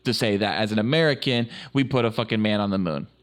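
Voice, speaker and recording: A man's voice: on the low side, fast talker. A man co-hosting a comedy podcast, rambling and profane and packing his talk with fillers. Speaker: podcast co-host. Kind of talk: casual comedy chat.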